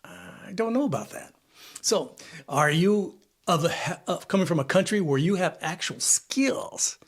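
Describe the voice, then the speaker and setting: Older man, 70s, vlogger, casual monologue, repetitive, slightly high voice. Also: lively intonation, a little slow, gravelly, slightly rough. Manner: rambling and repetitive, lists things, asks himself questions. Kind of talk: casual spoken opinion monologue.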